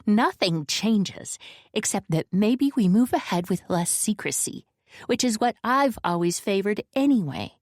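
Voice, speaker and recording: Strident brisk older lady, clipped and curt, audiobook read by a woman. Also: mid-range voice, animated, a little mellow, dry recording, clean studio sound, pitched above the performer's own voice.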